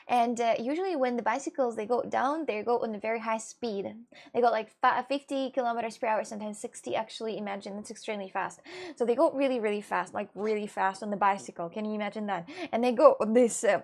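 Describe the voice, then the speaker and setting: Young woman, slightly high pitch, casual stream chat, fillers and restarts. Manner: rambling, many fillers and restarts, reads chat aloud. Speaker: livestreamer chatting with viewers.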